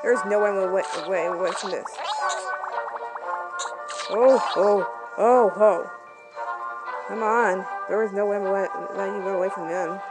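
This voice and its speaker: A woman's voice: medium pitch, steady tone, fast, hardly any pauses, rough recording. A woman giving casual, rambling commentary while she plays a game, giggling and exclaiming often. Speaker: channel host playing a game. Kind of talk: casual let's-play commentary. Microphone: phone screen recording. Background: loud game music.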